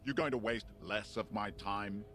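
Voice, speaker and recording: A man's voice: on the low side, normal speed, fairly bright tone, lightly acted. An actor playing a hulking, tense and hostile male mercenary who talks curtly and grumbles, in a game. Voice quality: gravelly. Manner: curt, grumbling. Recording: game audio with music behind. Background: music.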